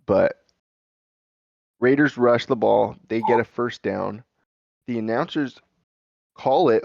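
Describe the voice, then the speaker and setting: A man's voice: medium pitch, slow pace, gravelly, long pauses, a little mellow, no echo, lo-fi sound. A young man co-hosting a casual sports podcast, talking bluntly and sounding irritated. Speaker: podcast co-host.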